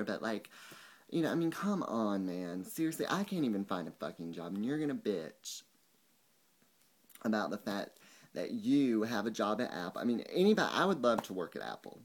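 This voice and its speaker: Young man, low-pitched, profane angry rant, mocking quotes, vlog. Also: sing-song, moderate pace. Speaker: vlogger.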